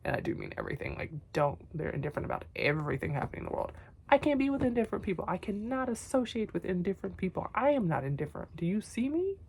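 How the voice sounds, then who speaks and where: A young woman talking tenderly to herself on camera in a vlog, soft and often whispery, teary, her voice going hoarse. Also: medium pitch, wildly swooping pitch, very fast. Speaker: vlogger. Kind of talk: emotional self-talk to camera.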